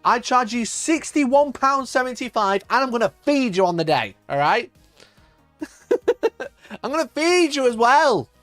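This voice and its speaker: A man hosting a casual live stream, with a high voice that swings widely up and down as he rants in mock outrage. He swears freely and breaks into laughter between points. The sound is dry and close, with faint music underneath. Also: lively intonation, unhurried, a bit bright, no echo. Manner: swears a lot, laughs often, rants and reads chat aloud; mock outrage, voice jumps up when worked up. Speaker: livestream host.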